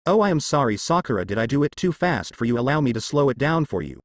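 A man's voice: medium pitch, sing-song, fast, no echo, studio quality. A man reading the part of a cold, menacing teenage ninja boy with vampire powers, in a cool and threatening way.

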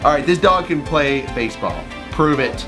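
A man chats playfully through a run of animal clips, laughing often. His voice swings widely up and down in pitch, and music plays clearly behind him. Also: animated, moderate pace. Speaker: reaction video host. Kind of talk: casual commentary. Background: music playing.

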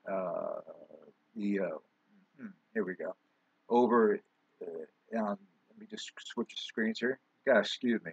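A man's voice: lowish voice, creaky, husky, no echo. A man preaching a sermon as pastor in a loose, conversational way, with fillers and asides. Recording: dull, lo-fi sound.

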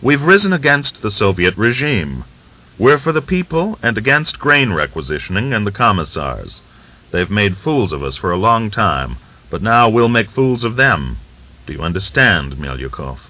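Reading aloud in a fairly low, very animated voice at normal speed, a man plays a scheming, boastful Cossack rebel leader. The character speaks with coaxing, smug confidence, and the recording is dull and lo-fi.

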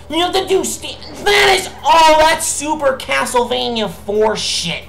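A woman hosting a let's play, exasperated and swearing as she shouts at a hard level. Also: high voice, very animated, measured pace, vocal fry, hardly any pauses. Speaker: gaming channel host. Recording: echoey room with faint game music.

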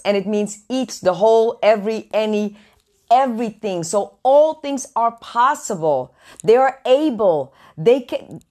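Excitable woman preacher on a live stream. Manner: warm, excitable, greets viewers by name with high squeals. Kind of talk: lively live-stream Bible teaching. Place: away from home, indoors.

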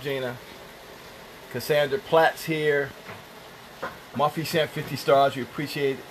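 A man with a Jamaican accent runs a cooking livestream from his home kitchen, playfully chatting, reading comments and greeting viewers by name. His voice is a bit high, and the low-quality recording has slight background noise.

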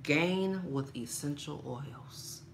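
A woman talking casually and playfully to her viewers in a shopping haul vlog, laughing often and getting animated when she complains. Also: slow, a little hiss or hum. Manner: playful, laughs a lot, talks straight to viewers as "girl"; animated, rises high when mock-angry. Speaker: vlogger showing a shopping haul.

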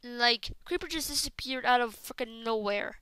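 A woman doing casual game commentary, talking to viewers and bursting into frustrated shouts. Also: a little high, moderate pace, smooth, no room sound. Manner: talks straight to viewers as "guys". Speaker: gaming commentator.

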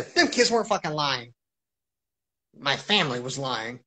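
A man's voice: medium pitch, very animated, a little slow, pauses often, bright, forceful tone, poor audio. A man talking on a live stream in an agitated, rambling monologue, swearing heavily. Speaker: livestreamer.

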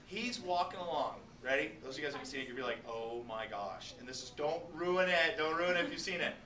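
An animated male teacher jokes with his class while lecturing. His voice sits a little high and is picked up from a distance. The classroom echoes, and steady noise hums under it. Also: fast. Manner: animated, joking, talks straight to students. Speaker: biology teacher.

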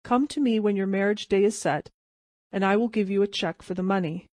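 A woman voicing a ragged old vagrant who plays a grand prince, speaking in even, well-modulated, solemn tones. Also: medium pitch, brisk, no echo, studio quality, lightly acted. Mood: sleepy.

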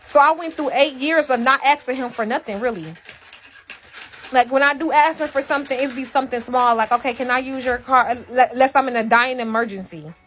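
Woman, high pitch, live-stream host airing grievances; emphatic, swears freely, repeats herself. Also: a little fast, fairly bright tone. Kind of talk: emotional venting to a live audience.

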